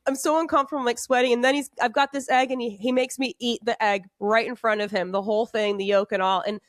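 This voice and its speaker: A woman's voice: a little high, steady tone, fast, no room sound, studio quality. A woman hosting a podcast, chatting in a rambling way with lots of fillers and restarts. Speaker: podcast host. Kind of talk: casual chat.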